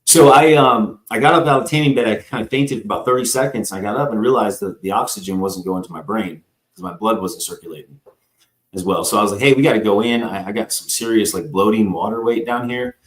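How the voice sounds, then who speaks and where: A man's voice: lowish voice, fast talker. A man who is a guest on a live talk show, telling a long personal story in a rambling way, acting out the people in it and often addressing the host by name. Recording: roomy echo.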